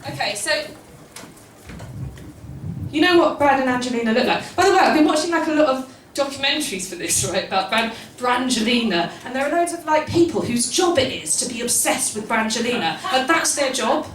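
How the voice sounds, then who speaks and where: High-voiced woman doing stand-up. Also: lively intonation, fairly quick, a little hiss or hum. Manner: chatty, rambling, self-deprecating with many ums and laughs. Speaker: stand-up comedian. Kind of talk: stand-up comedy set. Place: live comedy venue with an audience. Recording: roomy live venue from far off.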